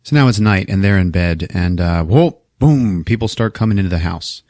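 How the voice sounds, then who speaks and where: A man hosting a podcast, recapping a movie in casual, profane, animated storytelling. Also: low-pitched, a little fast, dry recording, studio quality. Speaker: podcast host.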